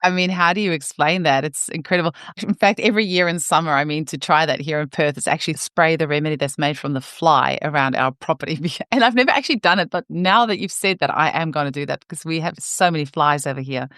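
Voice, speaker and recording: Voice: medium pitch, fast, hardly any pauses, a bit bright, clear, resonant tone, no echo, studio quality. A podcast host reacting with amazement to a guest's story in a casual conversation.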